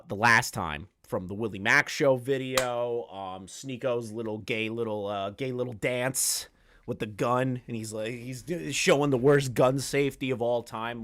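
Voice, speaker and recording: A man's voice: mid-range voice, fairly bright tone. Crude sarcastic man ranting to chat. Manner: rambling with frequent fillers and restarts. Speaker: streamer reacting to online drama. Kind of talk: live stream commentary to chat.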